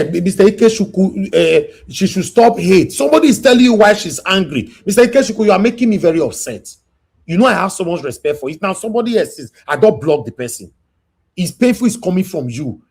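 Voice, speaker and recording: A Nigerian-accented man hosting a live stream, with a husky, breathy voice pitched fairly high for a man. He lectures his listeners in a preachy, scolding way and often climbs to a shout. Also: big pitch swings, brisk.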